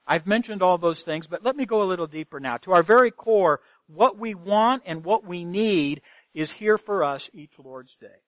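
A man's voice: high-pitched, lively intonation, moderate pace, a bit bright, no echo. A man preaching a sermon as pastor, earnest, asking rhetorical questions and repeating phrases for emphasis. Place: church sanctuary.

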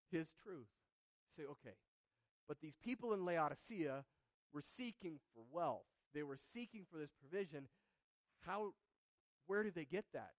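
A pastor in his thirties preaching a sermon, swinging between loud emphatic proclaiming and soft hushed asides. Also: on the high side, no echo.

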